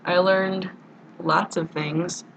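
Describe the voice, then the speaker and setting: A woman's voice: fairly low pitch, fairly even intonation, takes it slowly, gravelly, a bit bright, poor audio. Young woman, casual vlogger, crude rambling self-mockery, slight background hiss. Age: young adult. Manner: rambling, crude and self-mocking, full of "like" and "you know". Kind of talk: casual vlog monologue. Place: college dorm room.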